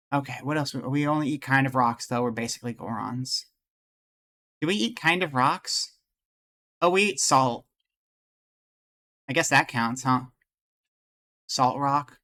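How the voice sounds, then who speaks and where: Bright-voiced man rambling on stream. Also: mid-range voice. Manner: rambling and jokey, thinking aloud; greets viewers in chat. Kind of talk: casual live-stream chat.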